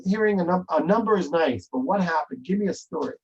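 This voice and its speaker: A man's voice: on the high side, expressive, quick pace, slightly rough. A man telling a story in an interview, emphatic and repeating phrases. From Israel. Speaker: interview guest. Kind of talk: storytelling in conversation. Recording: dull lo-fi recording.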